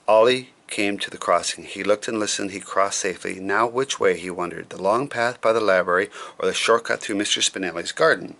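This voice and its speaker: A man reading a children's picture book aloud, relaxed and adding chatty asides. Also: lowish voice, brisk, few pauses.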